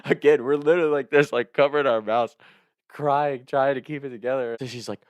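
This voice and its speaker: A young adult man from Kentucky telling a funny personal story, animated and often laughing as he speaks. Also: medium pitch, a little fast, no room sound. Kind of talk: comic storytelling.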